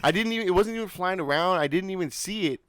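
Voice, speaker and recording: A young man co-hosting a casual chat, telling a story in a rambling, animated way with lots of fillers and swearing. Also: sits high, fast talker, smooth, no echo. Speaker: podcast co-host.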